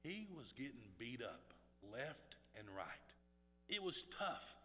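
A man preaching a sermon, swinging from hushed, low passages to loud, shouting exhortation. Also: sing-song, takes it slowly, in a large hall, slight background noise.

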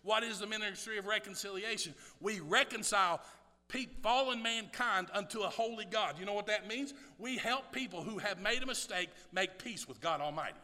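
A man preaching a sermon, swinging from hushed, low passages to loud, shouting exhortation. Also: moderate pace, in a large hall.

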